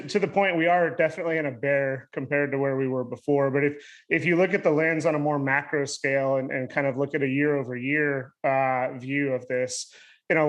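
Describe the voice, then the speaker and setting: Male panelist, 30s, mid-range voice, chatty and upbeat. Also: medium pitch. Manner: chatty, upbeat, talks at length. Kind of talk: virtual panel discussion.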